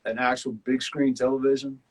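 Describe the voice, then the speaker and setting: This Southern-accented man, once a contestant on a survival show, reflects on it in easygoing chat at a fairly quick clip and medium pitch. The recording is rough, and he rambles loosely with many fillers.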